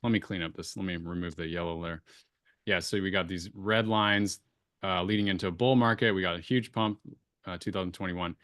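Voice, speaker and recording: Guy hosting a chat, kinda low voice, talks thru a chart with lots of ums, dry mic. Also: fairly even intonation, fairly quick, fairly bright tone, dry recording. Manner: talks through a screen-shared chart with many fillers and restarts. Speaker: crypto astrology show host. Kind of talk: casual chat walking through a chart.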